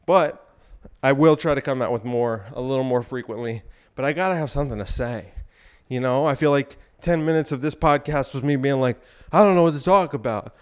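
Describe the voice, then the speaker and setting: A man's voice: medium pitch, fairly quick, hardly any pauses, clean tone. Breathless man rambling on his podcast. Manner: rambling, provocative, irreverent. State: out of breath while exercising. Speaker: podcast host. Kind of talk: solo podcast monologue.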